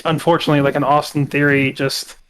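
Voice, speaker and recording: A man's voice: fairly high pitch, level tone, fast, a bit bright, slight background noise. A young man co-hosting a casual podcast, recapping at length with lots of fillers and restarts. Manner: recaps at length with many fillers and acted-out quotes. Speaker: co-host.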